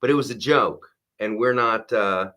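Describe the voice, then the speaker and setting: A middle-aged man hosting a live-stream podcast, talking in an animated, mocking way and laughing often. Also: lowish voice, normal speed. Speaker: podcast host. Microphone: wearing a strapped headset or mic.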